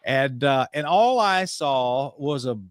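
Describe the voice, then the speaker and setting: A man's voice: mid-range voice, expressive, slow pace, clean tone, no echo, studio quality. A male pastor talking in a mocking, incredulous way.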